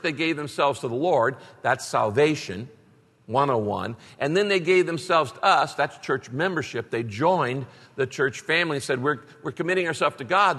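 Male pastor, slightly high voice, emphatic sermon delivery, long hall reverb. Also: bright, forceful tone. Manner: emphatic preaching with rising bursts.

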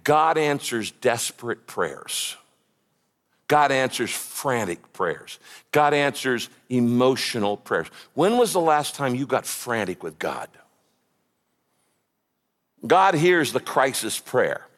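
A man's voice: mid-range voice, big pitch swings, slow, a bit bright. A man preaching a sermon with passion and emphatic repetition, in a large hall. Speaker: pastor. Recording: echoey hall.

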